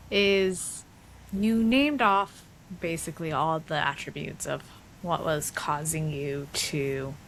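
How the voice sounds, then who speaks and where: A woman podcast host with a slightly low voice asks her guest thoughtful, curious questions. A faint background hiss runs under her speech. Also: fairly bright tone, rough recording. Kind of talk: interview questions.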